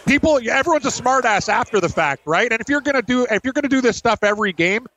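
A man's voice: very high voice, animated, quick pace, a bit bright, low-quality recording. A man co-hosting a sports betting show, telling stories in a heated, emphatic way. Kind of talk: casual sports betting chat.

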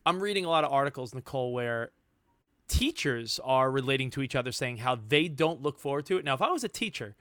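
A man's voice: medium pitch, lively intonation, fast, a bit bright, no room sound, studio quality. A man co-hosting a casual chat, teasing and cracking jokes. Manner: teasing and wisecracking. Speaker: podcast co-host.

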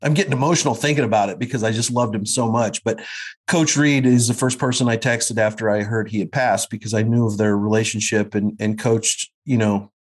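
A man's voice: fairly low pitch, fairly even intonation, a little fast, husky. A man in his fifties, a guest actor, chatting casually and reminiscing with many fillers and restarts. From Kansas City area. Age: 50s. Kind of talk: casual conversation.

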